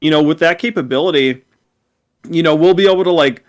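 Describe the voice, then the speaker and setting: A man co-hosting a fan podcast, telling an excited, rambling story in casual chat. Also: a little high, a little fast. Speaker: podcast co-host.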